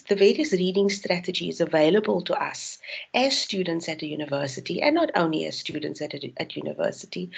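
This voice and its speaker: A woman's voice: medium pitch, gravelly, husky, muffled recording. A woman from South Africa, a university tutor giving an online tutorial, explaining with frequent ums and restarts.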